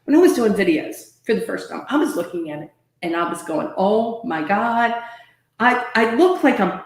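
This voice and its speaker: A woman's voice: medium pitch, very animated, brisk. Emphatic woman coaching in an echoey room. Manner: emphatic, coaching, repeats herself often. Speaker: sales trainer and consultant. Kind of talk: motivational online talk. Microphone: webcam or laptop mic on a live video stream. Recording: roomy echo.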